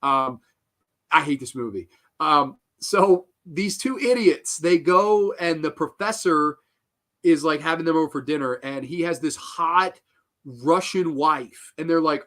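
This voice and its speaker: A man's voice: fairly high pitch, a little slow, fairly bright tone. A man hosting a live horror review show, ranting with profanity and exasperation, full of fillers and restarts. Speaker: host. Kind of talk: live-stream review rant.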